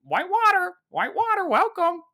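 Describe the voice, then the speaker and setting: Chirpy animatronic macaw, put on by a man, sing-song squawk, very high, loud. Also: very animated, fairly quick, exaggerated voice. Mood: welcoming. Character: chirpy animatronic macaw greeter at a water park.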